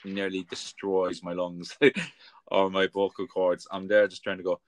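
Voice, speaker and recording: A young man in his twenties chatting casually, laughing often and tossing in quick asides. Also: low-pitched, level tone, dry recording. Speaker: podcast co-host. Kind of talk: casual chat.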